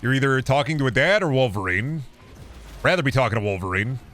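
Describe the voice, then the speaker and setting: A man from Iowa streaming a game, reading chat questions aloud and answering with offhand jokes and gruff mock-dad phrases. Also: mid-range voice, lively intonation, fast talker, fairly bright tone. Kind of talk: casual live-stream chat while gaming.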